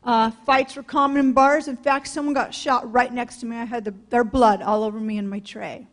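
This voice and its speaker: A woman's voice: a little high, steady tone, normal speed. A woman from California giving a public talk in a blunt, candid storytelling manner. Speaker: speaker sharing her testimony. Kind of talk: public talk, personal testimony.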